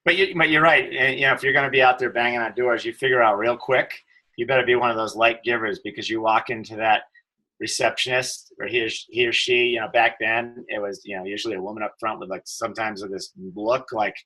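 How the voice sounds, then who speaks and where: A man's voice: medium pitch, steady tone, fast, pushed and bright, low-quality recording. A middle-aged man, a telecom executive, telling stories as a podcast guest, with many fillers and restarts. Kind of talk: casual interview storytelling.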